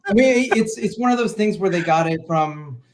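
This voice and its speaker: A man guesting on a podcast, telling stories in an animated way, laughing mid-sentence and acting out quotes. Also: high voice, moderate pace, background noise. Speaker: podcast guest, independent filmmaker. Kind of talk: casual podcast chat.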